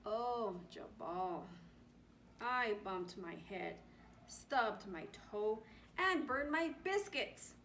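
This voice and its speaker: A woman voicing a grumpy old male sea captain frog in a storybook, with a lower, gruff voice. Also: lively intonation, extremely slow, fairly bright tone, a little hiss or hum, heavily acted. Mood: gloomy.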